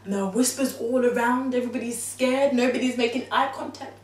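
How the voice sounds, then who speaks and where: A young woman telling a dramatic story to her mother, confiding and animated, swinging between hushed and exclaiming. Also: a little high, a little fast. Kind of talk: dramatic monologue. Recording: echoey room, distant mic.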